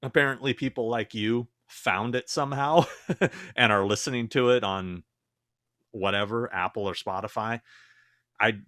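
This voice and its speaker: A man co-hosting a podcast, talking casually and haltingly with plenty of fillers and self-deprecating remarks. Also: medium pitch, a bit bright, no echo, clean studio sound. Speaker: podcast co-host.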